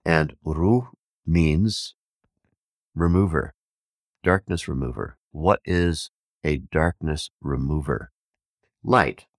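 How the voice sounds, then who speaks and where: A man telling a parable and teaching on Vedic wisdom, an animated storyteller who acts out the villagers' shouts. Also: very deep voice, no room sound, clean studio sound. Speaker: podcast host and teacher.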